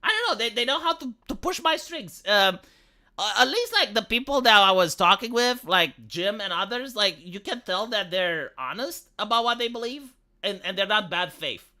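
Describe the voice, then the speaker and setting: Squeaky Romanian-accented woman ranting. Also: expressive, normal speed, sharp tone. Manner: heated, ranting, stammering repeats. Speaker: live streamer. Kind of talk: casual livestream chat.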